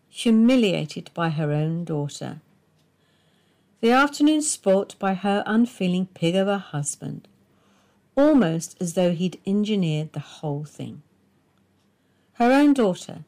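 Slow, expressive woman narrator. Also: on the low side. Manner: measured, expressive storytelling. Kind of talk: audiobook narration.

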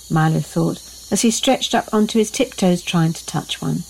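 Woman storyteller, gentle, expressive, measured, bedtime story reading. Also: lowish voice, vocal fry, breathy edge, poor audio.

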